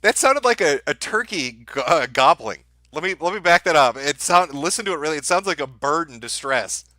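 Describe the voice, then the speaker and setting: A man's voice: fairly high pitch, animated, a little fast, sharp tone, a little hiss or hum. A man streaming, mocking the clips he plays with sarcastic commentary.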